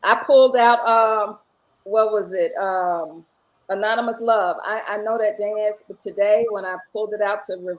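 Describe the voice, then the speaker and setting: A woman's voice: mid-range voice, steady tone, normal speed, poor audio. A woman who teaches line dance and paints murals, chatting in an interview and acting out the dialogue in her stories. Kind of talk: casual interview storytelling.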